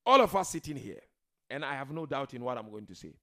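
A man preaching a religious sermon to a seated gathering, emphatic, swinging from loud declarations to quiet murmurs and addressing the listeners directly. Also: mid-range voice, lively intonation, fast. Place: gathering hall with a seated audience.

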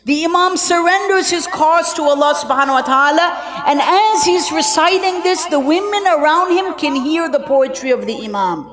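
A woman telling a mournful religious story as a sermon, with an emotional delivery that moves between raised and hushed tones. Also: high voice, moderate pace, a crowd in the background. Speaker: religious speaker at a mourning gathering. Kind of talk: lamenting sermon narration.

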